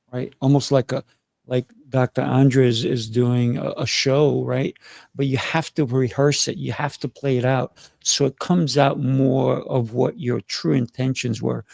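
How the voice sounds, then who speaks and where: A man hosting a relaxed panel discussion, his voice heavily gravelly with deep fry. He talks earnestly, circling back over words as he works out an idea. The sound is close and dry. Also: moderate pace, no echo. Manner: earnest, repeats words while finding his point. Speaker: host. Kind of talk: casual panel talk.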